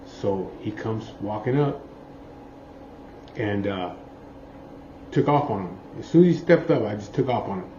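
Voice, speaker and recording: A man tells a long story in a loose, profane ramble, tossing in filler checks with his listener. His voice is dark and mellow. The recording is muffled and roomy, with a faint hiss behind him. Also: on the low side, expressive, measured pace, pauses often. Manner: rambling, profane, keeps saying "you know what I mean". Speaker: biker telling a story. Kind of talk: casual storytelling.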